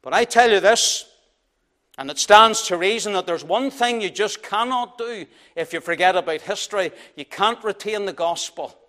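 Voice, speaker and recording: High-voiced man preaching an emphatic sermon. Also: sharp tone. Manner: emphatic, rhythmic, measured preaching.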